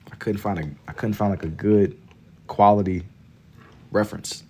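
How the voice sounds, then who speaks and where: Young man from Kentucky, slightly low voice, laid-back slangy livestream chatter while drawing. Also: fairly even intonation, moderate pace, dark tone. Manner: laid-back and slangy, reading chat aloud. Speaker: livestreaming artist.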